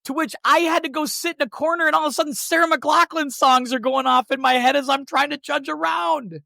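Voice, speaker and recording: A man hosting a podcast, chatting casually and telling stories with lively swearing. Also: very high voice, brisk, vocal fry, no echo, studio quality. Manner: animated storytelling with profanity. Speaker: podcast host. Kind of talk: casual chat.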